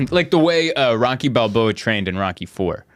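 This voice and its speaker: A man hosting a comedy podcast in casual chat, telling animated stories and acting out the people in them with bursts of laughter. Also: mid-range voice, normal speed, no room sound. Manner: animated storyteller who acts out scenes in voices; laughs often while talking.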